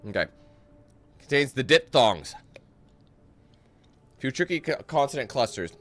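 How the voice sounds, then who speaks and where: A man's voice: medium pitch, sing-song, unhurried, a bit bright. A young man giving casual, joking gameplay commentary, reading in-game texts aloud and breaking off into parody singing.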